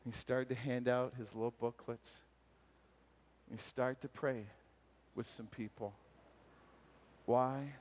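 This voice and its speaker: A man giving a retreat sermon, telling a story and acting out its voices with lively energy. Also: mid-range voice, slow pace, long pauses. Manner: animated, acts out voices in stories. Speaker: retreat speaker. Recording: long hall reverb.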